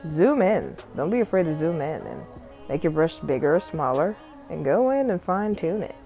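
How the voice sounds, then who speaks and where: A young woman with a Southern accent and a notably deep voice talks through a phone tutorial. Her delivery is loose, rambling and full of cursing, recorded on a phone mic with faint music underneath. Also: big pitch swings, moderate pace, mellow. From South Carolina. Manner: rambling, profane, chatty. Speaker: tutorial vlogger and music artist. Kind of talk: casual screen-recording voiceover. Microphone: phone microphone.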